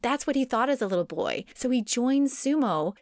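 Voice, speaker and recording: A woman's voice: fairly high pitch, lively intonation, moderate pace, darkish tone, dry recording, clean studio sound. A woman casually telling a sumo wrestler's life story to a co-host, laughing at times and digressing. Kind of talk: casual chat.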